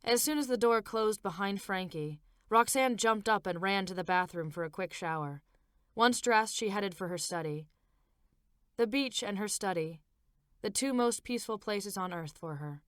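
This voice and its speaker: A woman's voice: mid-range voice, no echo, clean studio sound. Woman reading her novel aloud. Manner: measured, expressive reading. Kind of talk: audiobook narration.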